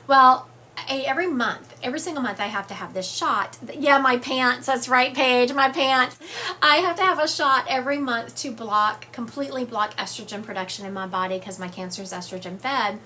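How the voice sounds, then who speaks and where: Her voice is fairly high, pushed and bright, at a normal speed, with a little hiss or hum on the phone or webcam stream. A Southern psychic medium, she hosts a livestream, casually chatting and reading viewers' comments aloud with frequent fillers.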